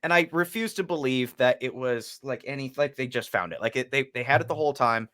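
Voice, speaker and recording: A man co-hosting a sports podcast in a loose, animated way. His voice swings up and down as he acts out quotes, with plenty of swearing and restarts. His pitch sits at a middle level for a man. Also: a little fast. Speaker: podcast co-host. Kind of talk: casual sports chat.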